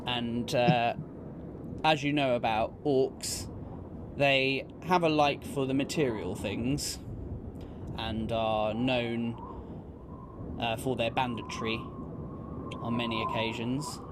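Slow, unhurried male game master. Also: medium pitch, steady tone, noisy background. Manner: unhurried, descriptive, casual. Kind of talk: narrating a tabletop game.

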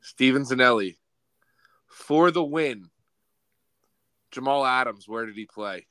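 A man's voice: mid-range voice, slow pace, fairly bright tone, clear, resonant tone, no echo, low-quality recording. A young man hosting a casual sports quiz on a podcast, teasing the players and calling out the score. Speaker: podcast host, quizmaster.

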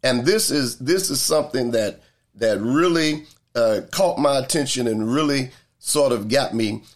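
A man mulling things over out loud in an unhurried, casual monologue. He circles back on his points, trips over repeated words and leans on fillers as he thinks. His voice sits at an ordinary middle pitch. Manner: thoughtful, rambling, many fillers and repeats.

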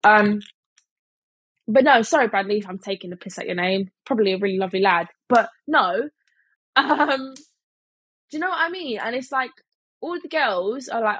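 A woman's voice: fairly high pitch, expressive, moderate pace, fairly bright tone, husky, dry recording, poor audio. A young woman chatting casually in a storytime vlog, full of fillers and mimicking other people in quotes. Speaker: vlogger.

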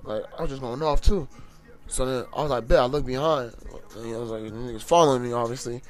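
A man's voice: medium pitch, fairly quick, soft background music. A young man from the United States telling a story in a casual, profane, heated way. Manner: profane, heated, animated retelling.

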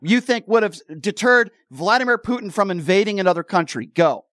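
A man's voice: high-pitched, lively intonation, a little fast, fairly bright tone, no echo, clean studio sound. A male radio talk show host arguing with a caller on air. He is combative, cuts in, and repeats himself to hold the floor. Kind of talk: heated call-in radio argument. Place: radio studio. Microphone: studio microphone.

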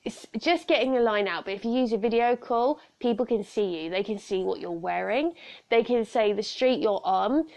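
A woman's voice: a little high, lively intonation, normal speed, a little mellow. A young woman hosting a solo podcast from home, frank and earnest, chatting with many asides. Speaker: podcast host. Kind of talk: casual solo podcast talk on personal safety. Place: room at home.

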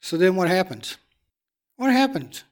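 A man with a high voice preaches a sermon, hammering points home through repetition. He shifts between loud declarations and hushed, confiding asides. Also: big pitch swings, unhurried.

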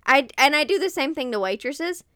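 A young woman co-hosting a podcast in casual chat, animated, acting out her own lines. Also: high-pitched, a little fast, dry recording. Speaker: podcast co-host.

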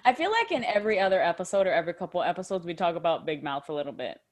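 Young woman, podcast co-host, casual chat, giggly, animated pitch. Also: racing. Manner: giggly, animated, laughs often.

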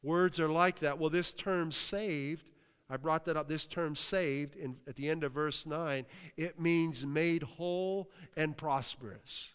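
A pastor from Western Pennsylvania preaches with a smooth, resonant voice pitched a bit high for a man. He shouts hallelujah between points and keeps asking the room if it is with him. His voice rings out with a long reverb from a large hall. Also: slow pace. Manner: exclaims hallelujah, asks the crowd. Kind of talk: sermon.

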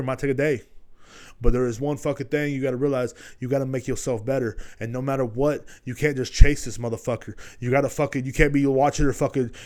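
A young man with a mid-pitched voice delivers a rough, rambling pep talk on his podcast. He swears in almost every sentence and keeps circling back to the same filler phrases. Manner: heavy swearing, repeats "you know what I'm saying". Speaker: podcast host. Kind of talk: profane motivational monologue.

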